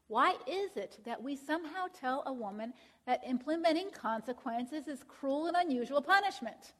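A woman with a high-sitting voice and lively intonation teaches a Christian counseling class at normal speed. She keeps it conversational, often checking in with "all right?" and "right?", and reads scripture aloud.

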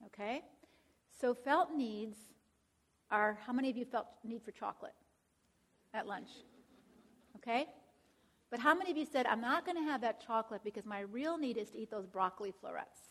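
A woman's voice: fairly high pitch, expressive, normal speed, long pauses, a bit bright. Woman teaching a class, checks in often. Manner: conversational, checks in with "all right?" and "right?"; quotes scripture aloud. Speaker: Christian counseling teacher.

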